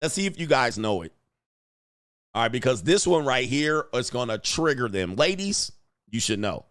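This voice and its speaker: A man hosting a livestream, ranting casually and profanely while acting out quotes in animated bursts. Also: mid-range voice, moderate pace. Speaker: livestream host. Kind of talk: casual commentary rant.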